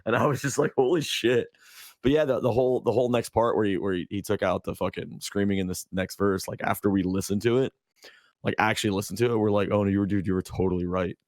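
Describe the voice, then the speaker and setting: Rambling low-voiced man telling a story. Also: steady tone, fast talker, darkish tone, no echo, clean studio sound. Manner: rambling with many fillers and restarts. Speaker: podcast co-host. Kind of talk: casual storytelling chat.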